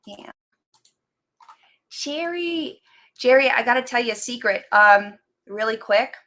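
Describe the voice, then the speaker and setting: A woman's voice: fairly high pitch, animated, takes it slowly, fairly bright tone. A woman hosting a casual live stream, chatting in a rambling way and greeting viewers by name as they join. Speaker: livestream host chatting with viewers.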